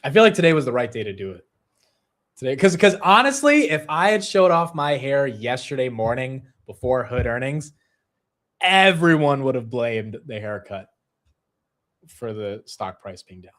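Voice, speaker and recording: A young man riffs through a live stock market stream in an easy, conversational way. He jumps between topics and pokes fun at his own slips, with a voice of middling pitch. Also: sing-song, a bit bright. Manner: self-deprecating, quick-shifting, laughs at himself.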